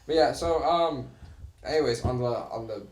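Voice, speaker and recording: A man's voice: mid-range voice, normal speed, darkish tone, echoey room. A man co-hosting a casual podcast, joking and hesitant, often laughing. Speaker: podcast co-host. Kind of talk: casual chat.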